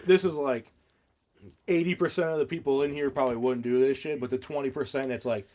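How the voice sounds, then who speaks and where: A man co-hosting a podcast, telling stories in a casual, animated way, often laughing and swearing. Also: medium pitch, brisk, a little hiss or hum. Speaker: podcast co-host. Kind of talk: casual chat.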